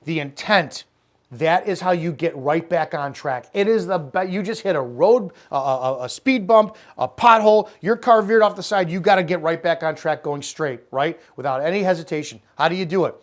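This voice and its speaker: A man's voice: a little high, moderate pace. A middle-aged man coaching network marketers on cold calling, blunt and profane, acting out sales calls in character. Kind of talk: unscripted motivational talk.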